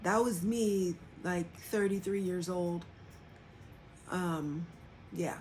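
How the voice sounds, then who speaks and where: Taking her time, a woman with a fairly low pitch and darkish tone hosts a livestream over slight background noise. She speaks casually and honestly about her own experiences, putting on different voices for quoted dialogue.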